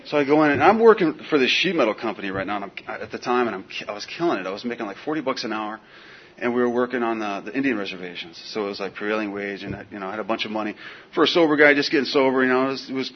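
A man telling a personal story in casual, animated speech, full of "dude" and "man". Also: medium pitch, rapid-fire, husky. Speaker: guest telling his recovery story. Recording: dull lo-fi recording with faint hiss.

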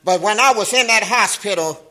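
A middle-aged man speaking African American Vernacular English, sharing his recovery story at a meeting in an animated, streetwise manner with profanity and laughter. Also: high-pitched, moderate pace, rough recording.

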